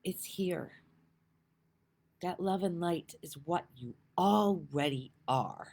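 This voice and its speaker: A middle-aged woman giving a heartfelt inspirational talk, earnest and emotional, moving between soft and emphatic delivery. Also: fairly low pitch, lively intonation, slow, creaky, breathy edge. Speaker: spiritual speaker.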